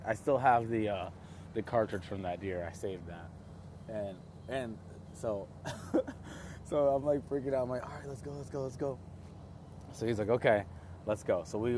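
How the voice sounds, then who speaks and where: A young man casually telling a story, rambling and excitable, with many restarts and fillers. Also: lowish voice, a little hiss or hum.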